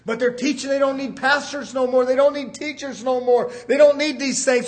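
A man preaching a fervent sermon, repeatedly calling out "brothers and sisters" and building to shouts. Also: very high-pitched, a little fast, few pauses.

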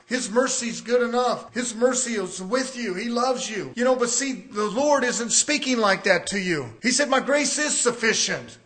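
Fervent, high-voiced male preacher. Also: moderate pace, few pauses. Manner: fervent, rising to shouts. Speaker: pastor. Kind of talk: sermon.

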